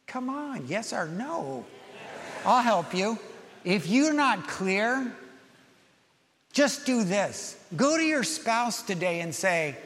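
Male pastor, high voice, animated preacher, church sanctuary reverb. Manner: animated preaching, softening to gentle prayer. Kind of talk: sermon.

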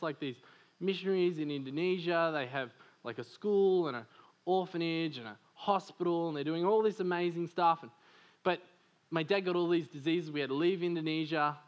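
A man from Australia preaching a sermon, animated and full of stories, laughing often and saying "like" a lot. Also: fairly high pitch, lo-fi sound. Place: church service.

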